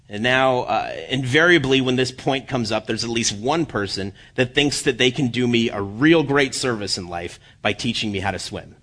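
A man giving a sermon as guest preacher, joking at his own expense with halting restarts. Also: medium pitch, bright, forceful tone. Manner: self-deprecating humor, halting restarts. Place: church.

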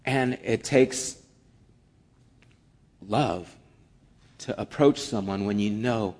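A man preaching a sermon as pastor, earnest, moving between strong emphasis and hushed, almost whispered passages. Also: on the low side, drawn-out words, long pauses.

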